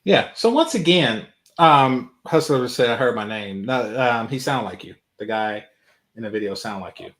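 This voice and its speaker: A man's voice: medium pitch, animated, moderate pace, fairly bright tone. A man chatting casually as a co-host, his mid-range voice wandering through thoughts with plenty of fillers. The room around him rings with a noticeable echo. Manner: loose, rambling, many fillers. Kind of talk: casual reaction chat. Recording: roomy echo.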